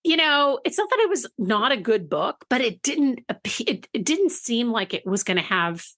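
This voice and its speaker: A woman telling an anecdote in casual podcast talk, chatty and animated, often laughing between phrases. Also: fairly high pitch, normal speed. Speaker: book marketing guest.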